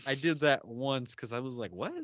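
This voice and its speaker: Speaking at a moderate pace in a steady, fairly bright mid-range voice, a young man recaps a TV episode on his podcast. The chat is casual, with frequent laughter as he performs characters' lines, and there's no room sound.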